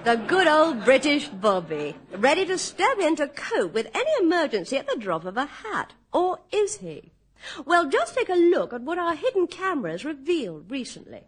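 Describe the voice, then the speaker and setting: A woman's voice: high voice, sing-song, moderate pace. A woman presenting a comic TV segment, delivering her script playfully with laughter. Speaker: TV show presenter.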